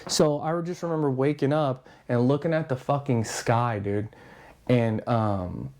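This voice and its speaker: A man's voice: mid-range voice, unhurried. A man on a podcast telling a long story casually, swearing constantly and acting out other people's lines. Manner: profane, animated, acts out voices. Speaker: podcast guest.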